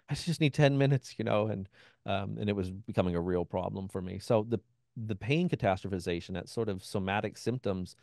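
A man with a fairly low, gravelly voice talks as an interview guest, recounting his experience in a loose, conversational way. He slips into the voices of people he quotes and keeps saying "you know." The sound is close and dry. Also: steady tone, normal speed, a little mellow, no echo. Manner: acts out quoted voices of others; frequent "you know" and restarts. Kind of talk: conversational personal storytelling.

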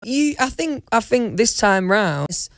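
A man's voice: high-pitched, big pitch swings, slow. A young man with a British accent, chatting casually in an interview with cheeky, matter-of-fact banter and slangy fillers.

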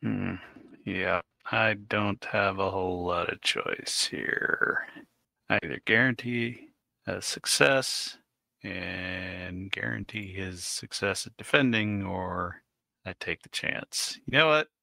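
Gravelly, blunt male gamer. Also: sits low, slow pace, sharp tone, no room sound. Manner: blunt, swears freely. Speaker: player. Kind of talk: casual tabletop game chat.

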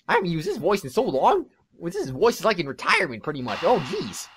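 A man's voice: high-pitched, wildly swooping pitch, fast, few pauses, breathy edge, no room sound. A man hosting a video game play-through, chatting casually, giggling and rambling. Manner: giggly, rambling, trails off quietly. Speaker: let's play host.

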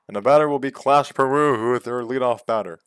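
A man giving play-by-play commentary on a video game baseball league, calm between pitches and yelling on big hits. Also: fast, clear, resonant tone, dry recording, studio quality. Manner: jumps from calm calls to loud excited yells.

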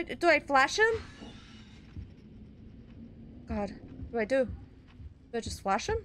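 Jumpy high-voiced woman playing horror game. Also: big pitch swings, slow pace, long pauses, fairly bright tone, slight background noise. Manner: jumpy, gasping, talks to herself and viewers. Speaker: gaming YouTuber. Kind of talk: horror game let's play commentary.

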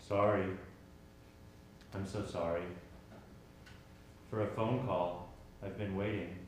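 An actor plays an apologetic man who keeps saying sorry while he waits. His voice sits a bit low. He is heard from far back in a very reverberant theater with a faint hiss. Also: fairly even intonation, slow. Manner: apologetic, repetitive. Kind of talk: stage play reading. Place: theater stage. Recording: echoey stage from far off, faint noise.

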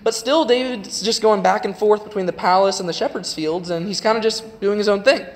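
A man's voice: sits high, brisk. A young man giving a casual, chatty youth sermon in a church, retelling a story with lots of "like". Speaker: youth preacher. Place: church sanctuary. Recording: long hall reverb.

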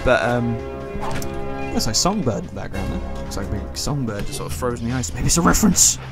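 A man's voice: medium pitch, big pitch swings, fairly quick. A young man giving casual, rambling, joking commentary while he plays a video game. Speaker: gameplay commentator. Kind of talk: casual let's play commentary. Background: game music.

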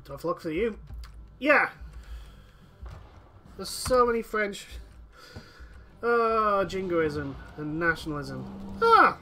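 A man's voice: high-pitched, slow, pauses often, sharp tone, a little hiss or hum. A man playing a strategy game who rambles and corrects himself, with lots of fillers. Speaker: gaming commentator. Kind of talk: strategy game let's play.

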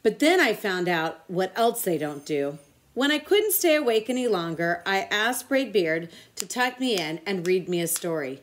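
A woman tutor reading a children's picture book aloud with expressive storytelling. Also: medium pitch, normal speed, slight background noise.

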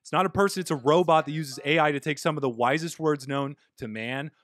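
A man's voice: fairly high pitch, fairly quick, a bit bright, a little hiss or hum. A man hosting a comedy podcast, riffing playfully with puns in casual chat. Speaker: podcast host.

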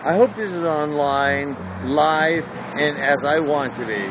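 A man's voice: fairly high pitch, lively intonation, a little slow. Tipsy angry man ranting on his phone. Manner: agitated, profane ranting. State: tipsy after a few drinks. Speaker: livestreamer. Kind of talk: angry live-stream rant. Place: outdoors outside a club at night. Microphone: phone held in hand. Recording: muffled phone audio with street noise.

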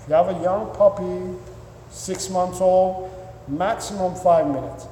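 A man's voice: sits high, a little slow, dark tone, a little hiss or hum. A man working as a dog trainer, answering viewer questions in an instructive, repetitive way with many fillers. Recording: echoey room with long reverb.

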